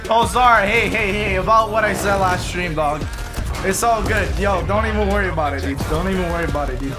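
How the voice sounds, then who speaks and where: A young man streaming games live, chatting casually and excitedly to his viewers and joking as he goes. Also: high-pitched, a little fast. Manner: excitable, joking, keeps calling viewers boys and lads. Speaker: gaming streamer. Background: game and trailer music.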